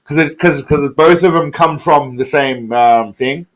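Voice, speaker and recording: A man's voice: a little high, measured pace. Tipsy man rambling on a live stream. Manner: rambling, profane, repeats himself. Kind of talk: casual live stream chat.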